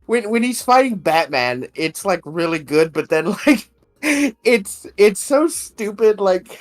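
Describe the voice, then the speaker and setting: A podcast co-host chats casually with a mid-range, sing-song voice at a slow pace. Loose and giggly, she swears freely and keeps laughing through her sentences.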